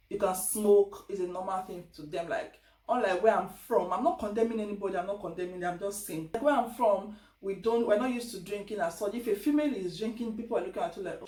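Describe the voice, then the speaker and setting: A Nigerian vlogger gives casual advice, talking straight to her viewers in a chatty, lively way and slipping into little voices when quoting people. Her mid-range voice carries the echo of the room, since she sits some way back from the mic.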